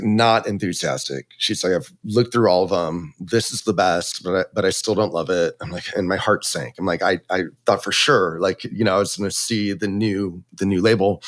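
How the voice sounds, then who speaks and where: Man, winery owner, casual and animated storyteller, slightly low voice. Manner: animated, acts out quotes with laughs.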